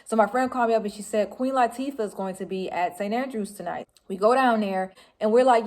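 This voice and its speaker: A woman in her forties from Detroit telling a personal story to camera in a casual, animated way, laughing and breaking into shrieks as she relives it. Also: fairly high pitch, fairly quick, hardly any pauses. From Detroit, Michigan, US. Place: home room with laundry behind.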